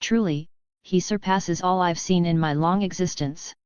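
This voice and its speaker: A woman's voice: lowish voice, moderate pace, a little mellow, smooth, no echo, lightly acted. Woman playing an ancient, lofty male dragon. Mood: amused. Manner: laughing, lofty. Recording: dull lo-fi audiobook audio.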